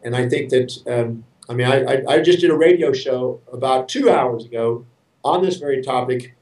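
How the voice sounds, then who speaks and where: A man's voice: medium pitch, normal speed, a little mellow. Earnest man storyteller in a roomy space. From United States. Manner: earnest, repeats words when starting sentences. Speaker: interview guest. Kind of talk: storytelling interview. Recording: roomy sound from a distance.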